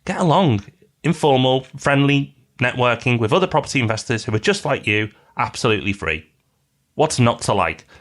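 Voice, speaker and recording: A man's voice: mid-range voice, animated, normal speed, fairly bright tone. Playful male podcast co-host. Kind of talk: casual chat.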